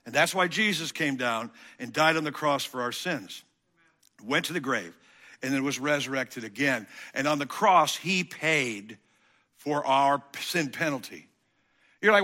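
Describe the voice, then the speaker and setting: A man preaching a sermon as pastor, swinging between loud emphatic passages and quiet intense ones. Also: medium pitch, expressive, a little slow. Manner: acts out quoted voices of listeners.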